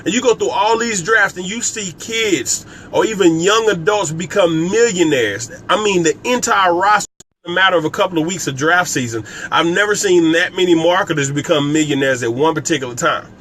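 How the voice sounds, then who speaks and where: Man, high voice, bright tone, motivational live-stream host, emphatic, repeats himself. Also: brisk, a little hiss or hum. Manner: emphatic, repeats key phrases; talks directly to viewers by name. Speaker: network marketing coach hosting a live stream.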